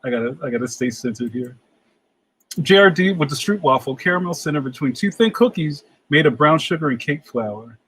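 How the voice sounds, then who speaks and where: Husky, laid-back man chatting with viewers. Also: fairly high pitch, expressive, brisk, a bit bright, low-quality recording. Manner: laughs often, says "yo". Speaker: livestream host reading chat. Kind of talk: casual livestream chat.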